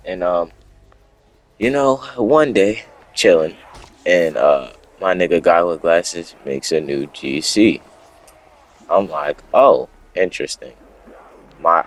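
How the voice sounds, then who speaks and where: A young man telling a story off the cuff to camera, rambling and profane, breaking off into asides and correcting himself. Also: sits low. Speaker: storytime vlogger. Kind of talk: unscripted casual storytelling.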